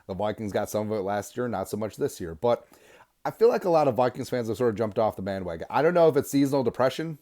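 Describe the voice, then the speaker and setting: A man hosting a sports podcast, delivering an energetic, sarcastic fan rant. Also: medium pitch, fast. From Minnesota. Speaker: podcast host.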